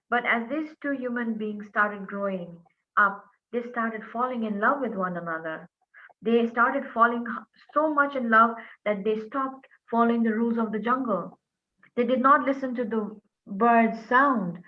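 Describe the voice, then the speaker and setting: A woman telling a folk story in an earnest, animated way, pausing often with fillers. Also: medium pitch. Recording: tinny phone-like line.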